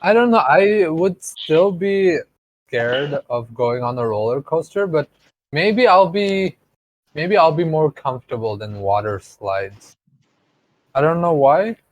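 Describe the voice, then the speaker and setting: Speaking slowly in a slightly high, lively voice, a young man co-hosts a podcast and keeps the talk casual. He ribs his friend, laughs a great deal and seals his points with a forceful "okay?".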